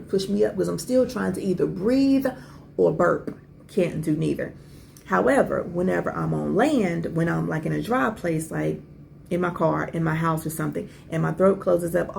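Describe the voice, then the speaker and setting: A woman in her forties, a podcast host, telling a personal story in a casual, animated way with asides and rhetorical questions. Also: fairly low pitch, vocal fry, slight background noise.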